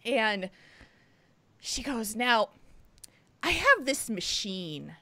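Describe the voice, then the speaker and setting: Giggly high-voiced woman telling a story. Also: big pitch swings, extremely slow, pushed and bright, no room sound. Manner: giggly, laughs through her story; whispers when quoting others. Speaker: podcast co-host. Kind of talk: casual chat, storytelling.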